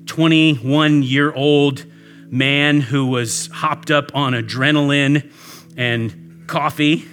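A man preaching with a clear, bright tone and an unhurried delivery. He tells a personal story and leads a prayer in an earnest voice, with soft music under him. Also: a little high, fairly even intonation. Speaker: pastor. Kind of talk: sermon.

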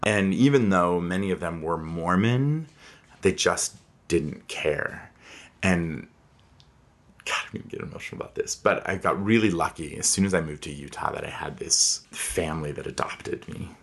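Very deep-voiced man telling his story. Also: measured pace. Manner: candid, reflective, with frequent fillers. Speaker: interviewee. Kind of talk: personal storytelling.

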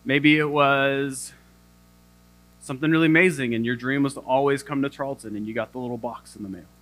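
A man's voice: mid-range voice, fairly even intonation, a little fast, fairly bright tone. A young adult male pastor giving a sermon, telling a self-deprecating story with humor.

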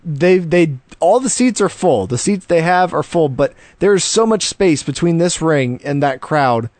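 High-voiced joking podcast host. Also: male voice, animated, a little mellow, no room sound. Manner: joking, laughs often, talks in quick bursts. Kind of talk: casual chat reviewing wrestling.

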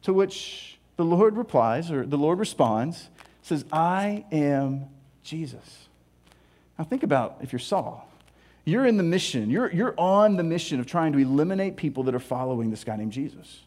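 A man preaching a sermon, animated, acting out scripture voices and dropping to hushed tones. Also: on the high side, moderate pace. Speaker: pastor.

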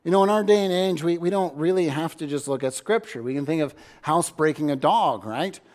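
A man's voice: fairly high pitch, expressive, a little fast. A male pastor preaching a sermon in a church sanctuary, earnest and stumbling into restarts. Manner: earnest, repeats words as he restarts, shifts loudness for emphasis. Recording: long hall reverb.

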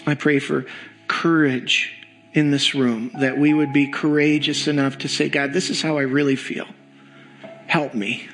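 A man leading a congregation in slow, earnest pastoral prayer during a church service. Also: fairly high pitch, level tone, a bit bright, soft background music, low-quality recording. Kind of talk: sermon prayer. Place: church sanctuary.

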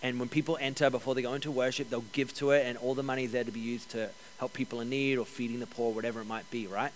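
A man preaching a sermon as pastor, energetic, repeating key phrases and joking with the congregation. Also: mid-range voice, quick pace, slight background noise. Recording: long hall reverb.

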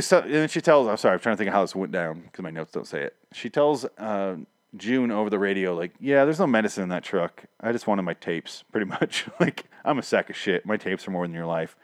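A man's voice: fairly low pitch, no room sound, studio quality. A man casually recapping and reviewing a TV episode, rambling and sarcastic, swearing often and acting out the characters' lines.

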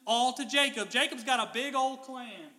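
A man delivers a lively sermon, his voice high and bright. He slips into casual voices to act out biblical figures. The sound carries a long reverb from a church hall. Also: normal speed. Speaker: pastor.

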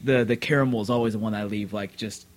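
A man's voice: on the low side, fairly even intonation, slight background noise. A man in a casual group chat, joking at his own expense and often restarting his sentences. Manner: joking, self-mocking, halting restarts.

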